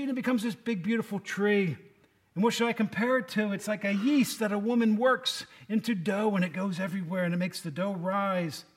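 High-voiced man giving a chatty sermon. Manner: folksy, asks the congregation questions by name. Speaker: preacher. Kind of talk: conversational sermon.

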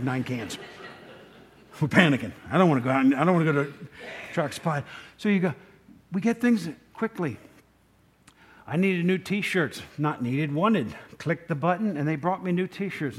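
Chatty male pastor, slightly high voice. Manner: conversational, asks the congregation questions; rambling, with asides. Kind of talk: sermon.

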